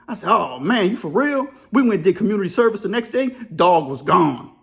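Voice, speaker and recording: A middle-aged man from the New Orleans area of Louisiana hosts a commentary video, reacting to a news story. His high, sing-song, gravelly voice carries drawling slang, casual storytelling, and quick laughs.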